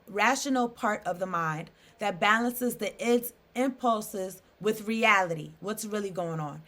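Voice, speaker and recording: A woman's voice: mid-range voice, a bit bright. A woman giving a casual solo tarot reading, reading card meanings aloud and riffing with loose asides and frequent "okay?" check-ins. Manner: chatty, reads aloud then riffs with asides; frequent "okay?" and "I don't know" fillers. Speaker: tarot reader.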